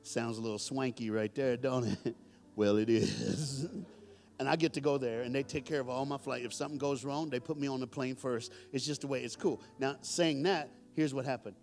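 A middle-aged man with a medium-pitched voice and moderate pace preaches a storytelling sermon in a church hall to a live congregation. He's animated, cracks jokes, and calls out to the audience.

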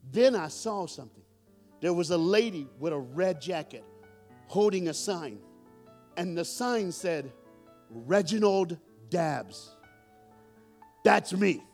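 A man's voice: high-pitched, slow pace, pauses often, soft background music. A middle-aged man preaching a storytelling sermon to a live congregation, joking and calling out to the audience. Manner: animated, joking, calls out to the audience. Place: church hall with audience.

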